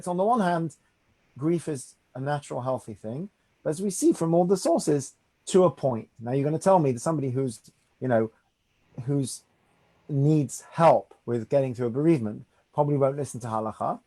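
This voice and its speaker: A man leads a study group as its rabbi. His voice sits dark and mellow, and he talks in an easy, conversational way, often tagging "right?" onto his points. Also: fairly high pitch, animated, brisk. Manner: conversational, reassuring, asks "right?". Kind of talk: teaching a study class.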